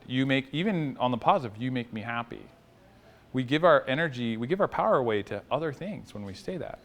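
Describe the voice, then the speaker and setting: A man teaching a small group in a relaxed, conversational way, asking them questions and joking now and then. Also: medium pitch, brisk. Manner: conversational, quizzes the audience, jokes lightly. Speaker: workshop teacher.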